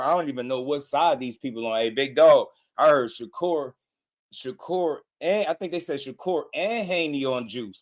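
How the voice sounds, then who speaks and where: Laid-back New Jersey livestream host, a man, chuckling through loose slangy banter with viewers. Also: medium pitch. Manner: laughs often, relaxed slangy banter. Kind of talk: casual livestream chat.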